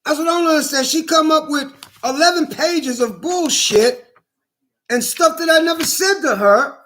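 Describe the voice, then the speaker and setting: A man's voice: extremely high pitch, normal speed, a bit bright. A man delivering a heated, indignant vlog monologue, repeating himself and swearing often. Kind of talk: angry personal vlog monologue.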